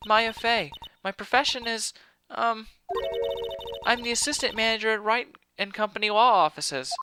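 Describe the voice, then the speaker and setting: A man voicing a frightened young woman, a spirit medium, soft and hesitant. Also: high-pitched, moderate pace, over music, pitched above the performer's own voice, lightly acted. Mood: nervous.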